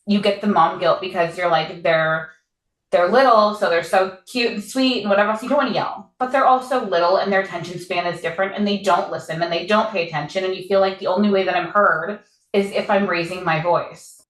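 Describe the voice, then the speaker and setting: A woman's voice: mid-range voice, brisk. A woman in her thirties, co-hosting a podcast, talking candidly in a rambling, casual way and laughing often. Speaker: podcast co-host. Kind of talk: casual chat. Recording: echoey room.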